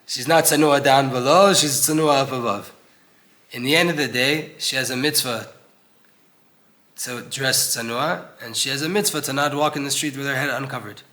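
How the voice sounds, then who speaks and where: Bright-voiced man giving an earnest Torah class. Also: medium pitch, moderate pace. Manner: earnest, conversational, acts out quoted voices. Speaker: Torah teacher. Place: old synagogue.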